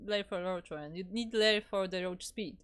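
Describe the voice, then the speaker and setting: A woman whose first language is Polish, casting a live game in a relaxed, explanatory way. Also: medium pitch, moderate pace, clear, resonant tone. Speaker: esports caster.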